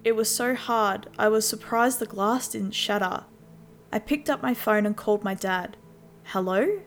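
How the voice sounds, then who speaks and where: A woman telling a scripted first-person horror story in a steady, mid-pitched voice. Faint music plays beneath her narration. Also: moderate pace.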